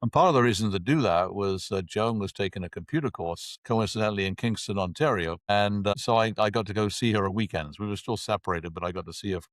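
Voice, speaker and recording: A man in his sixties from England, a guest telling lively anecdotes in conversation and acting out the dialogue. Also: on the low side, fast, hardly any pauses, no room sound. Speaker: interview guest. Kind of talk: conversational storytelling.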